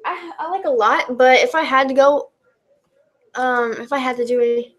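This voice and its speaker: Speaking at normal speed in a high voice, this woman comments on backyard wrestling for YouTube. Her answers to the questions she reads aloud wander loosely, packed with fillers and false starts.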